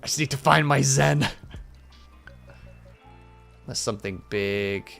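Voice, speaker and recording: A man's voice: mid-range voice, slow, gravelly, fairly bright tone, soft background music. A man streaming, chatting casually and reflectively with viewers, rambling with many fillers.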